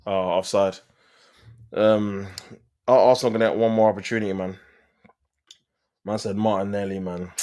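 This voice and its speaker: Low-voiced man ranting over a match. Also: steady tone, normal speed, long pauses, a little mellow. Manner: slangy, talks to viewers, gets exasperated at play. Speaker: live stream host. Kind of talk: casual fan match commentary.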